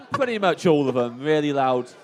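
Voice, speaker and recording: Against a noisy background, a male comedian at a live stage show animatedly recounts a funny story and laughs along as he tells it. His voice sits at a medium pitch.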